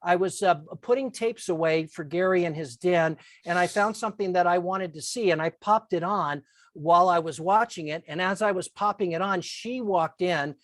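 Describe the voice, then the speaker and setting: A man, a podcast guest, telling an animated anecdote and repeating words as he gets excited. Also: high voice, moderate pace, no echo, studio quality. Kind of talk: storytelling anecdote.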